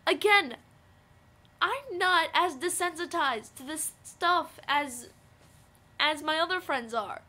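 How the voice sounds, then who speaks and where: A young woman vlogging, telling a story casually with lots of fillers and excitable outbursts. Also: sits high, slow pace. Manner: rambling, filler-heavy, excitable.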